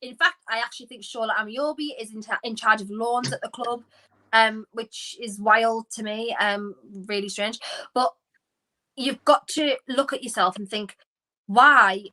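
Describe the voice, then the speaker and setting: Woman co-host, bright voice, casual opinionated football chat. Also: on the high side, poor audio. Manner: animated, opinionated, quick asides. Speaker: podcast co-host.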